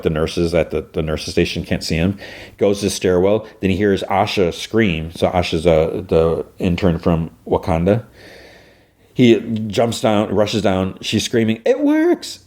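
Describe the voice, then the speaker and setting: A man's voice: deep voice, darkish tone. A man hosting a podcast, casually recapping a show with lots of fillers. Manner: rambling, filler-heavy. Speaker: podcast host.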